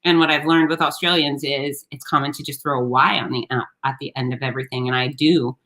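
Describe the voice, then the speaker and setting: A woman hosting a live-streamed talk show, chatting with viewers in an animated, sarcastic way. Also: rumbling low, quick pace. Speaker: host.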